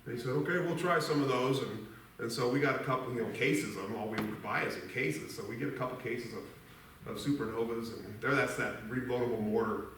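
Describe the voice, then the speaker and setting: A man's voice: medium pitch, fairly quick, a bit bright, a little hiss or hum. Middle-aged man, folksy rambling storyteller, heard from a distance in a very echoey church hall. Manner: rambling, folksy, laughs through his story. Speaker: eulogy speaker. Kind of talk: storytelling at a memorial service.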